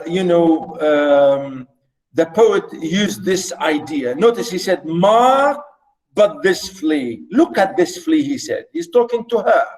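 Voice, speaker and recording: High-voiced man lecturing slowly. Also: poor audio. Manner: animated, rhetorical questions, many fillers. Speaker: literature lecturer. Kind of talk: classroom poetry lecture.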